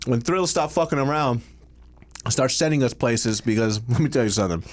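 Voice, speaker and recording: A man co-hosting a casual food podcast, jokey and self-mocking, talking loudly. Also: medium pitch, a little fast. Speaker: podcast co-host. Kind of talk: casual chat.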